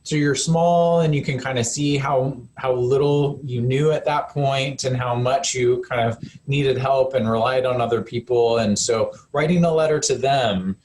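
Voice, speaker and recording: A man's voice: medium pitch, normal speed, darkish tone, a little hiss or hum. A man, a counselor, giving a casual live webinar talk in a conversational way, with lots of fillers and self-corrections.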